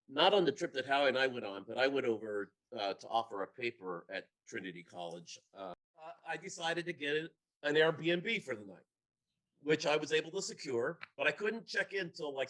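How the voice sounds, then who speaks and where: A man's voice: medium pitch, expressive, fairly quick, fairly bright tone, poor audio. A man telling a casual anecdote in a church discussion, chatty and laughing now and then.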